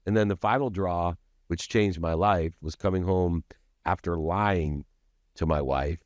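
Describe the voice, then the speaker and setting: A man's voice: deep voice, measured pace, dry recording, studio quality. A man, as a podcast guest, telling a personal story in an intense, confessional way with dramatic emphasis.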